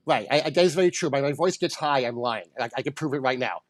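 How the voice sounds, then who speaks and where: A man voicing a lovelorn male puppet, talking fast in a high, stammering puppet voice. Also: no echo, natural voice. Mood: bantering. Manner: fast, stammering, laughing self-defense. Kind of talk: casual chat.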